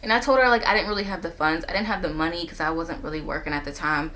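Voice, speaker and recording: A woman talking straight to her camera in a casual storytime monologue, retelling a story with animated jumps in pitch when she quotes people. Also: fast talker, noisy background. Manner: animated retelling, jumping up in pitch when quoting herself and others. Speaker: vlogger telling a personal story. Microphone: camera on a stand.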